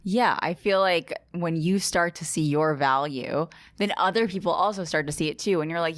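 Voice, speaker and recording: A woman with a somewhat low voice, close-miked and dry, hosts a relaxed podcast chat. She speaks frankly and encouragingly, dropping swear words easily. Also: normal speed, hardly any pauses, no room sound. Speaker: podcast host, comedian.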